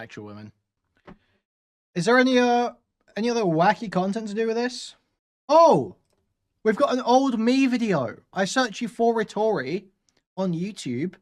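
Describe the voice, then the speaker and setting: A man hosting a reaction commentary, talking loudly, swearing and reacting with animated outbursts while reading from posts. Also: high-pitched. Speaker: commentary host. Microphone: studio mic with sound deadening.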